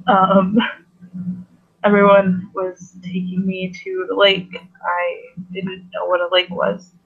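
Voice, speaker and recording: A man with a high voice plays a bashful young woman who stumbles over her words, full of fillers and restarts. Her voice sits high. The recording is muffled and lo-fi. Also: monotone, vocal fry, breathy edge, full character voice. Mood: sheepish. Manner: hesitant, halting with fillers and laughs. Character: shy young woman, awkward, new to the place. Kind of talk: tabletop role-play in character.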